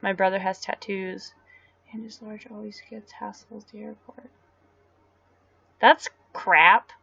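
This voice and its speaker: Chatty woman on a live stream, mid pitch, dry dull lo-fi sound, just rambling at her chat. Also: flat delivery, unhurried, creaky, bright, forceful tone, breathy edge, no room sound. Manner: rambling, answering viewer comments aloud.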